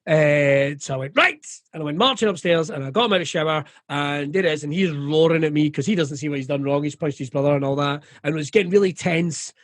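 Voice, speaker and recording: A man's voice: a little high, quick pace, hardly any pauses, no echo, clean studio sound. A middle-aged Scottish comedian talking candidly in an interview, swearing freely and acting out the voices of people he quotes. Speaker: comedian guest.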